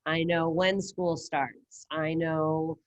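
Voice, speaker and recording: A woman's voice: low voice, level tone, slow pace, no echo. A woman teaching a Spanish class over a video call, casual and upbeat as she quizzes her students. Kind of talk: online class lesson. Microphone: computer mic on a video call.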